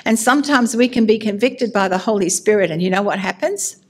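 A woman's voice: medium pitch, a little fast. Candid, self-mocking woman preaching. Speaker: minister. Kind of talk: sermon.

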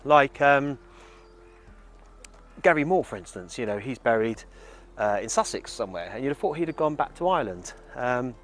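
A man's voice: mid-range voice, animated, moderate pace, pauses often, slight background noise. A man hosting a casual vlog outdoors in a cemetery, talking in a chatty, rambling, self-deprecating way. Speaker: vlog host. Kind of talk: casual walking-tour vlog. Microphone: small clip-on microphone. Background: faint outdoor ambience with crows.

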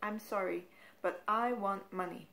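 A woman's voice: mid-range voice, fairly even intonation, a little slow, creaky, fairly bright tone, slight background noise. A woman playing a defiant young painter. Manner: defiant, insistent.

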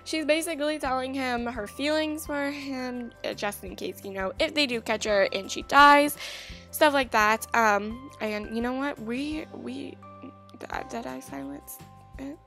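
A woman's voice: high voice, a little slow, gravelly, pushed and bright, faint music behind. A young woman in casual let's-play commentary, bubbly and gushing as she chats to her viewers. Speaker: gaming YouTuber.

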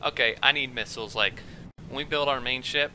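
Young male let's-play host, very bright voice, excitable and rambling, faint hiss. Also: mid-range voice, rough recording. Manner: rambling, excitable, quick to get worked up. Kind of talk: gameplay commentary.

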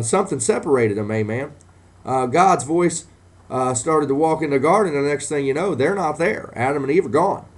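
Delivering a sermon to Christians and sinners, a man punctuates nearly each line with "amen," his mid-range voice rising into passionate emphasis.

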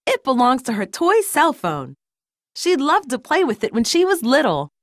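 A woman reading a children's storybook aloud in a gentle, lilting read-aloud manner. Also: high-pitched, wildly swooping pitch, moderate pace, no echo, clean studio sound. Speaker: storybook narrator.

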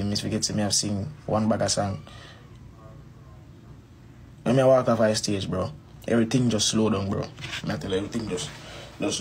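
A man's voice: lowish voice, a little mellow, a little hiss or hum. A man with a Jamaican accent telling a personal story in a rambling, casual way, repeating phrases and calling the listener "bro". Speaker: dancehall artist.

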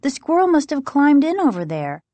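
A woman's voice: high-pitched, very animated, moderate pace, warm tone, dry recording, pitched above the performer's own voice. A woman voicing an anxious, protective older sister in a storybook reading, giving urgent, worried warnings. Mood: relieved.

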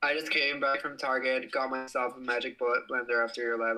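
A man's voice: mid-range voice, a little fast, few pauses, bright, forceful tone, poor audio. A young man hosting a casual livestream, reading out viewer comments in a bubbly, giggly way and swearing playfully. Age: young adult. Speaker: livestream host.

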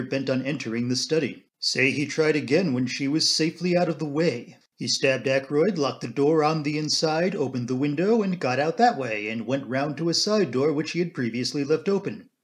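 A man voicing a grim police inspector who presses with brisk questions in an amateur audiobook reading. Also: medium pitch, natural voice.

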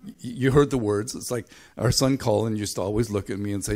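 Halting, thoughtful older male preacher. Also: lowish voice, a little mellow. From Belfast, Northern Ireland. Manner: thoughtful, halting, with frequent restarts. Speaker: pastor. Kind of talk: sermon. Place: church.

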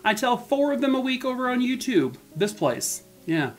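A man's voice: very high voice, very animated, soft background music. Chatty man wrapping up his video. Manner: chatty and quick with fillers, self-mocking. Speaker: true crime channel host. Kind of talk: casual video outro chat.

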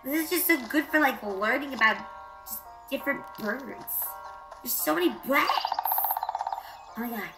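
A woman VTuber chatting casually as she plays, excitable and quick to squeal and gasp at the animals. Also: high-pitched, music in the background, low-quality recording. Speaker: VTuber streamer. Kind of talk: casual gameplay commentary.

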